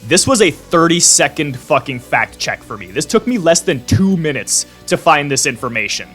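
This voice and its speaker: A man's voice: a little high, sing-song, normal speed, fairly bright tone, faint music behind. A man hosting a commentary vlog, ranting bluntly with sarcasm and plenty of swearing. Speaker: vlog host.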